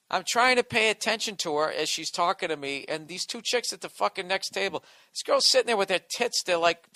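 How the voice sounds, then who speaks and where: A man rants through a comedic monologue, swearing and sarcastic with exasperated energy. His voice sits a bit high and has a bright, forceful edge. The recording is dry and close. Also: no echo. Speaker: comedian and podcast host.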